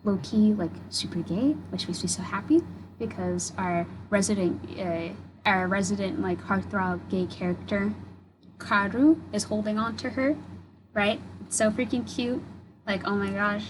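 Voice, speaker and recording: A woman's voice: mid-range voice, steady tone, unhurried, background noise. A young woman co-hosting a podcast, gushing in a rambling casual chat full of fillers. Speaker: podcast co-host.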